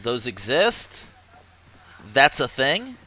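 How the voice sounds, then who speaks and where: A man chatting casually on a livestream, rambling and swearing, with sudden loud outbursts. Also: mid-range voice, big pitch swings, slow, highs cut off. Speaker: streamer.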